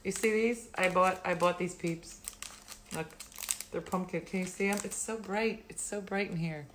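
A woman's voice: fairly low pitch, moderate pace, a bit bright, a little hiss or hum. A middle-aged woman hosting a live stream, chatting casually, rambling and laughing often. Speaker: livestream host.

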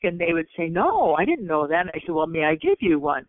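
A woman's voice: lowish voice, animated, a little fast, hardly any pauses, no room sound. A woman recounts her story in an earnest, storytelling way, slipping into the voices of the people she quotes. She is heard over a tinny phone line with a dry, close sound. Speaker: guest. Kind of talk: storytelling in conversation.

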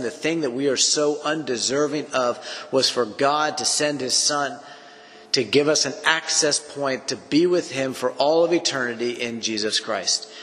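A man's voice: medium pitch, a bit bright. Earnest preacher man in echoing hall. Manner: earnest, conversational preaching with frequent restarts. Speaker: pastor. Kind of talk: sermon teaching. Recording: long echoing reverb with faint room noise.

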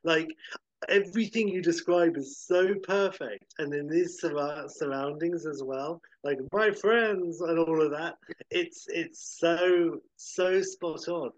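A man's voice: fairly high pitch, fairly even intonation, takes it slowly, dry recording. Man, podcast co-host, effusive chat, dry dull lo-fi audio. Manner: laughs along, gushing praise. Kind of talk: casual chat.

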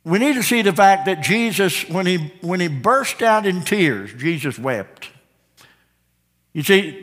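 A man preaching with a fairly high voice that swings between hushed, slow lines and soaring, repeated refrains. His words ring out with a long reverb, as in a church sanctuary. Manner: repeats phrases for emphasis. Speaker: pastor. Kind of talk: sermon.

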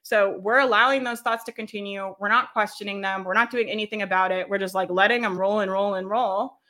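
Brief: upbeat coach, a woman with a bright, clear voice, talks loosely and laughs easily. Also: medium pitch, steady tone, brisk. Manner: chatty, laughs often, checks in with "right?". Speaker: business coach leading a workshop. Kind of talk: casual live workshop teaching.

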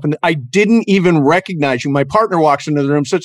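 A man's voice: a little high, quick pace, dry recording, clean studio sound. A man co-hosting a podcast, asking a guest questions with enthusiasm. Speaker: podcast co-host. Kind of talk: casual interview chat.

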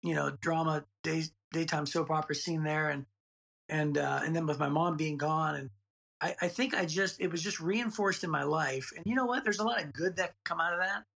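Gravelly, husky man in his forties. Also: a little high, a little fast, fairly bright tone. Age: 40s. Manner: rambling, repeats words, laughs while telling. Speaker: guest. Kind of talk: personal storytelling in a podcast interview.

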